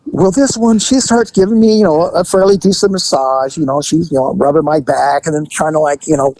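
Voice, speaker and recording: A man casually telling a story, animated and laughing, swearing often and acting out other people's voices. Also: a little high, a little fast, rough recording. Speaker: storyteller recounting undercover work.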